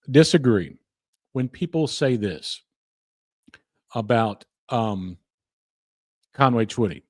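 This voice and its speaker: A man's voice: medium pitch, a little mellow, no room sound. A man, hosting a podcast in a chatty, enthusiastic, self-deprecating way, speaking close to the microphone. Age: 50s. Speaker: podcast host. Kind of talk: casual radio-style commentary.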